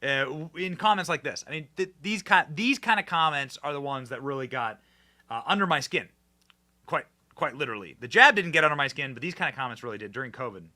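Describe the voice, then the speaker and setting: A young man hosting political commentary in a casual, animated and sarcastic way, with many fillers and restarts. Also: a little high, fairly quick.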